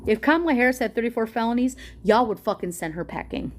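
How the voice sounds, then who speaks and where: Talking fast and animatedly in a slightly high voice, a political commentator reads a policy document aloud while ranting angrily at her viewers. She is profane, heated and confrontational, and there is slight background noise.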